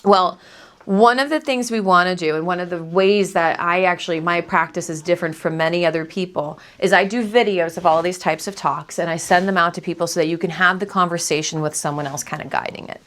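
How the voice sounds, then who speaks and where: A woman's voice: lowish voice, brisk, fairly bright tone. A woman estate planning lawyer giving a community seminar talk, in a conversational storytelling manner.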